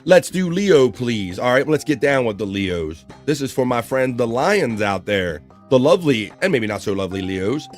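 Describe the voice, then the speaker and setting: A man's voice: mid-range voice, lively intonation, normal speed, hardly any pauses, soft background music. A man hosting a live online show in casual talk, joking as he reads out chat messages and horoscopes. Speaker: host.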